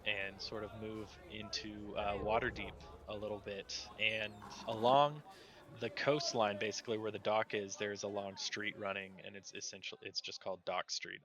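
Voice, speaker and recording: A man narrating as game master in a relaxed, chatty way. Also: lowish voice, no echo, highs cut off.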